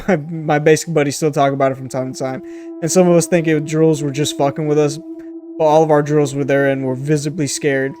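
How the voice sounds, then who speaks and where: A man's voice: on the high side, a little mellow, a little hiss or hum. A man from the Texas plains telling a story in a casual podcast chat, laid-back and swearing casually.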